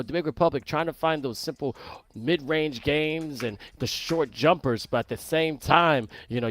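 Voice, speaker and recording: A man's voice: mid-range voice, fairly bright tone. A man giving color commentary on an esports basketball final, upbeat and chatty, with promotional asides to viewers. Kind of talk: sports commentary.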